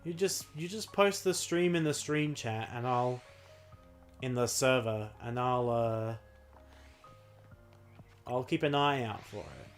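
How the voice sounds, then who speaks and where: A man's voice: medium pitch, slow, long pauses, faint music behind. A young man chatting casually on a livestream while playing a game, rambling and self-deprecating, with frequent laughs. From Australia. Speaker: streamer.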